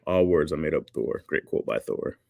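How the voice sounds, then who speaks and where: Guy on a livestream, low voice, dry close sound, goofing around reading chat. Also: lively intonation, normal speed, gravelly, darkish tone, dry recording. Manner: loose, joking, laughs often, reads comments aloud.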